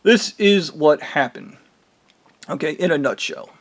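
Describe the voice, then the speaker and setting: Casting note: a man ranting alone to camera, angry and swearing, slightly higher pitch. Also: big pitch swings, a little slow. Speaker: vlogger.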